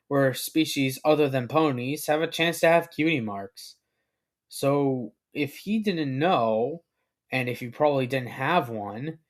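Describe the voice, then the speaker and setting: A man reading his own fan fiction story aloud as narrator, unhurried and with halting restarts. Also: mid-range voice.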